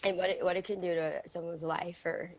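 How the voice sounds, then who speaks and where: A woman actress with a lazy Southern drawl, answering questions in a relaxed, hesitant way on a morning TV show. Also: on the low side, a little fast, a little hiss or hum. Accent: Southern American. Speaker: actress and singer guest. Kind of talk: morning TV interview.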